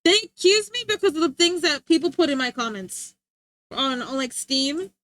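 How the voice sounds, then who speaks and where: A woman's voice: sits high, animated, normal speed, a bit bright, no room sound. A young woman streamer chatting casually, rambling and laughing often.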